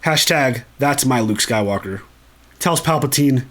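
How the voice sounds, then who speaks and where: Slow, enthusiastic, swearing man. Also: on the high side, expressive, a bit bright. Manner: enthusiastic and profane. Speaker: channel host. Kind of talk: casual movie commentary.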